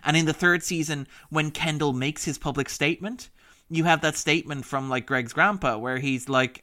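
A man's voice: on the high side, normal speed, sharp tone. A man discussing a television drama in a casual, enthusiastic podcast chat, laughing often and quoting characters. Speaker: podcast critic.

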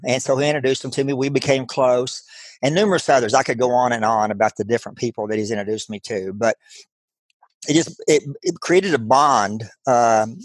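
A middle-aged man with a Texan accent, earnestly telling a personal story as an interview guest, halting and restarting often. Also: medium pitch, dry recording.

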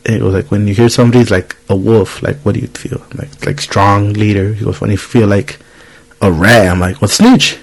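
A man's voice: lowish voice, level tone, brisk, creaky, slightly rough, low-quality recording. A man in his thirties hosting a podcast, telling a story in casual chat, swearing freely and acting out the people he quotes. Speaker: podcast host.

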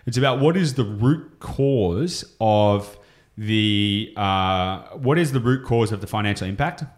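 Rambling Australian man, low voice. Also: animated, unhurried. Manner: rambling, enthusiastic, goes off on tangents. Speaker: property investing podcast host. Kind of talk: casual podcast explanation.

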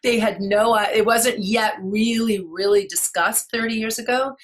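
A middle-aged woman, a guest in an interview, telling a personal story in an earnest, halting way with many restarts. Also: a little high, steady tone, slight background noise.

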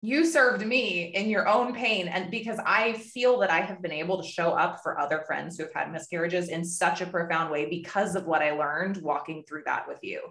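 A woman telling a personal story in earnest, quickly quoting her own past words. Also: lowish voice, fairly even intonation, a bit bright, roomy sound. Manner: earnest, quick, quotes herself. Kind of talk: casual emotional storytelling.

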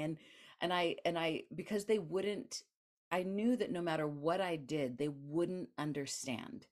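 A guest author is interviewed, and she tells a personal story animatedly, laughing and acting out other people's voices. She speaks low-pitched and a little slowly.

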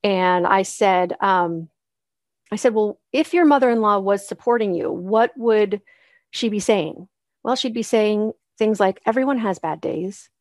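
A woman's voice: mid-range voice, a little slow, no room sound, clean studio sound. A woman hosting a solo podcast, coaching moms in a casual, encouraging way and acting out the voices she quotes.

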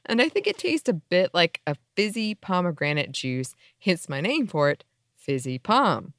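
This woman co-hosts a podcast, chatting casually over an internet call on a home mic and giggling at jokes. Her fairly low voice swings widely in pitch, and her reactions come out giggly and drawn out. The sound is echo-free and studio quality.

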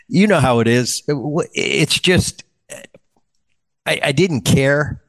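A man's voice: mid-range voice, animated, unhurried. A man in his fifties hosting a podcast, telling old stories in a rambling way, often repeating words and using fillers. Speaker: podcast host, former ballplayer. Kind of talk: casual storytelling chat.

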